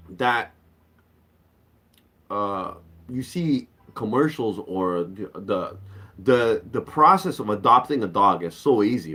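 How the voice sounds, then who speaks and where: A young adult man doing stand-up comedy, ranting with profanity and acting out quoted voices. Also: on the low side. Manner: animated, profane rants.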